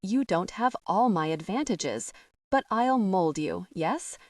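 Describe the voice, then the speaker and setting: A menacing, manipulative storybook king, coaxing and soft-spoken even as he threatens, as a woman reads him in an audiobook. The voice sits a touch low and hushed, dry and set a little back from the mic. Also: slow pace, no echo. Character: menacing male king, coaxing and cruel father. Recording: dry, somewhat distant from the mic.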